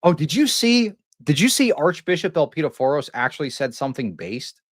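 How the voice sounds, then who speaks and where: A man's voice: on the high side, big pitch swings, fairly quick, no echo, clean studio sound. A man streaming live, commenting in a rambling, mocking way with lots of restarts and chuckles.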